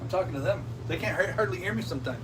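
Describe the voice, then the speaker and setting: A man co-hosting his wife's cooking video, relaxed and teasing in casual chat. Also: high-pitched, rapid-fire, recorded from a distance, low-quality recording. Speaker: co-host, husband. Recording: a bit off-mic with faint noise.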